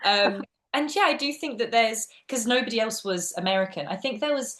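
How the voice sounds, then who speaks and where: A woman's voice: on the high side, a little fast. A British woman, an actress and teacher, chatting as a podcast guest and telling stories animatedly with plenty of fillers. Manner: animated storytelling with many fillers. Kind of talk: casual interview chat.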